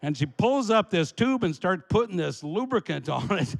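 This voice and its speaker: A man from Alaska telling a comic story about himself, animated and laughing as he goes. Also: sits high, normal speed, vocal fry, long reverb tail.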